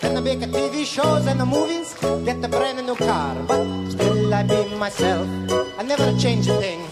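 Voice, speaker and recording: A man's voice: extremely high pitch, normal speed. A man playing a boisterous Italian immigrant singer on a TV show, with a heavy put-on Italian accent and broken, singsong English. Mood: singing. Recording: old song record with loud music. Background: band with accordion.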